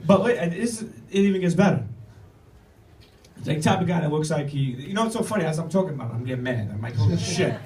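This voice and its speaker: A man's voice: a little high, animated, fast, a little mellow. Profane, rambling middle-aged male comedian. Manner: profane, rambling, with stammered restarts. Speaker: comedian telling a story. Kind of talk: stand-up storytelling on stage. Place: comedy club stage with audience. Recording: echoey room, recorded from far off.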